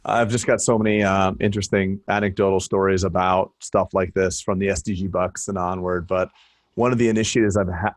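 Deep-voiced earnest man, dry sound. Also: no echo. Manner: thoughtful, earnest, a little wordy. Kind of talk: casual conversation.

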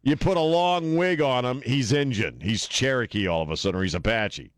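A man's voice: mid-range voice, lively intonation, brisk, no room sound. A man hosting a talk radio show, blunt and joking, laughing often as he chats in a studio. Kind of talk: casual radio banter. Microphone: studio microphone.

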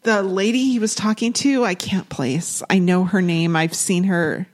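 A woman's voice: on the low side, normal speed. A woman co-hosting a podcast, recapping a film in casual chat with dry asides. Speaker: podcast co-host.

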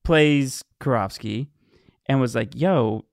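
A man's voice: medium pitch, lively intonation, unhurried, no room sound. Man, podcast co-host, casual chat, chatty, dry close sound. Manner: chatty, laughs often, lots of fillers.

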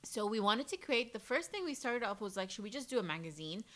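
Blunt, bright-voiced woman in her forties. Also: mid-range voice, fast talker. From United Arab Emirates. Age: 40s. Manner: blunt, profane, animated storytelling. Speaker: podcast co-host. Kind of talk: casual podcast chat.

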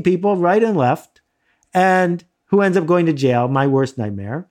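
A middle-aged man casually telling a self-mocking anecdote in lively bursts. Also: a little high, unhurried. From United States. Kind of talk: casual storytelling.

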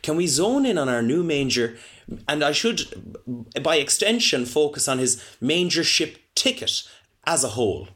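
A man with an Irish accent co-hosting a comic sports podcast, rambling in a mock-serious, deadpan way. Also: fairly high pitch, moderate pace. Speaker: podcast co-host.

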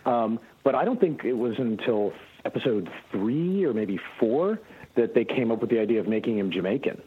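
A man, a guest voice actor, telling relaxed anecdotes in a casual interview, with frequent fillers and restarts. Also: mid-range voice, normal speed, phone-quality sound, slight background noise.

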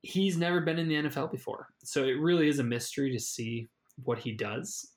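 A man's voice: mid-range voice, fairly quick. A man co-hosting a fantasy football show, in casual sports chat, chatty and often restarting his phrases. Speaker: fantasy football podcast co-host.

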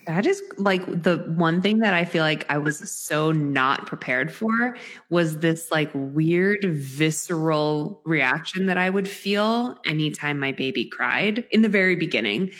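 Animated young woman co-hosting, lowish voice. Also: measured pace. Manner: animated storyteller, dramatic exaggeration. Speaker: podcast co-host. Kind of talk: casual chat.

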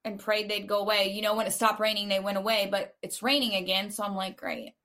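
A woman's voice: mid-range voice, level tone, quick pace, pushed and bright. A woman, podcast co-host, in casual chat, supportive and teasing, with some swearing.

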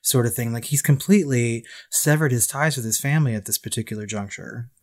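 A man's voice: medium pitch, brisk, a little mellow. A young man co-hosting a podcast, chatting casually about a film with frequent laughs and swearing. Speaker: podcast co-host.

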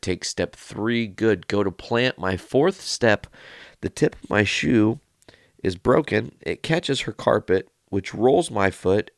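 A man hosting his podcast, telling a personal story in a casual, rambling, animated way and swearing freely. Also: low voice, vocal fry, no room sound, studio quality. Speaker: podcast host.

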